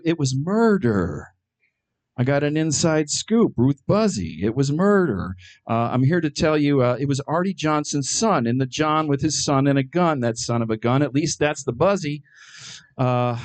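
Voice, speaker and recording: A middle-aged man doing a stand-up comedy set, delivering absurd jokes in a deadpan way with frequent ums and uhs. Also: mid-range voice, brisk.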